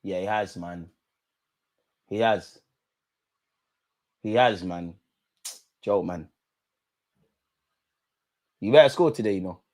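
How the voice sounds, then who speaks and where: A young man hosting a live football watch-along, chatting in street slang and shouting when goals go in. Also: low-pitched, takes it slowly, long pauses.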